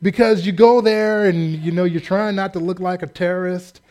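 Male American preacher, high voice, animated and funny in the pulpit. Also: normal speed, slight background noise. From United States. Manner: animated, joking asides and acted-out quotes. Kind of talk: humorous sermon.

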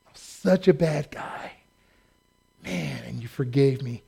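A man's voice: mid-range voice, measured pace, gravelly, slightly rough. A man preaching a sermon, telling a story with jokes and acting out the voices of the people in it. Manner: animated, joking, acts out quoted voices. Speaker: pastor.

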